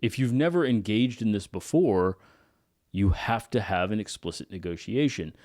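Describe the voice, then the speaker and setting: A low-pitched man co-hosting a casual podcast, giving blunt opinions and tagging his points with "right?". His voice sounds close and dry, with no room around it. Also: animated, moderate pace, darkish tone, no room sound. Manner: frank and opinionated, often adds "right?". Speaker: podcast co-host.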